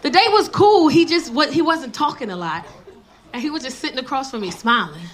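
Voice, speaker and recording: A woman's voice: high-pitched, lively intonation, a little fast. A woman comedian telling a story on stage and bantering with the audience. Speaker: stand-up comedian. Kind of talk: stand-up comedy. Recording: live club set with loud crowd.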